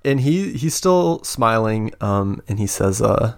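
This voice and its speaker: A man's voice: lowish voice, lively intonation, slow pace, creaky. A man narrating as game master of a tabletop game, hesitant, with many fillers and restarts.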